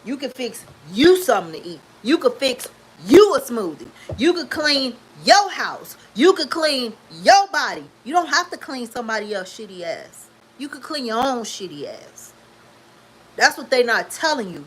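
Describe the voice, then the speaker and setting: A woman in her fifties, a vlogger, speaks candidly to the camera for her viewers, preachy and emphatic, repeating her points to drive them home. Her voice sits high with a sing-song lilt, a slightly bright tone and a breathy edge, at normal speed. The audio quality is poor.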